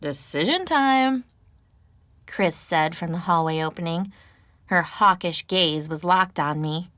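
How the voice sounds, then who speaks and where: A woman reads an audiobook in a measured, even way, her voice sitting on the low side. The recording is dry and close, with no room echo at all. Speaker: audiobook narrator. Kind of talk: scripted audiobook narration.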